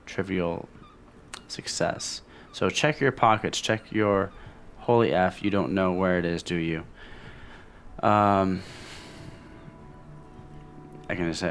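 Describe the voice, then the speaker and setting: A man's voice: sits low, a little slow, creaky, soft background music. A man casually commenting on a video game as he plays, reading its dialogue aloud between offhand remarks. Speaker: let's play host.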